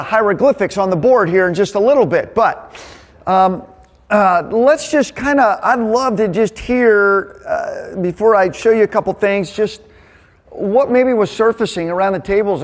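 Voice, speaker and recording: A man leading a men's Bible study, teaching in a casual, energetic, conversational way. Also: high-pitched. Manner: energetic, conversational, quick asides. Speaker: men's ministry leader.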